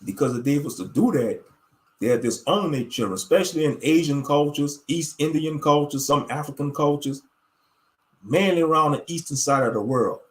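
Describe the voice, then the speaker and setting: A man's voice: fairly high pitch, moderate pace. A man delivering a blunt, profane ranting monologue as an online show host. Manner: blunt, profane and emphatic, with frequent fillers.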